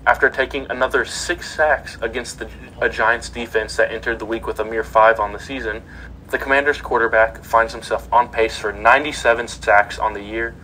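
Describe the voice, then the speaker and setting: A man's voice: mid-range voice, fairly even intonation, a little fast, sharp tone, a little hiss or hum, poor audio. A man hosting a casual podcast, reading sports news items aloud with plenty of ums and uhs. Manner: reads headlines with many fillers.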